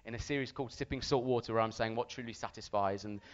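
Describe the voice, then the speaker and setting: Preacher telling a lively story. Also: male voice, medium pitch, fast talker, highs cut off. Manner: storytelling, animated with shouted re-enactments. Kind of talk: sermon.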